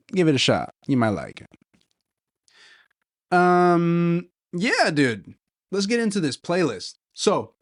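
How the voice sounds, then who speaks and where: A man's voice: on the low side, no echo, studio quality. A young man hosting a casual solo podcast, talking enthusiastically and rambling, saying "dude" a lot, his voice a little worn. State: slightly losing his voice. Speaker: podcast host.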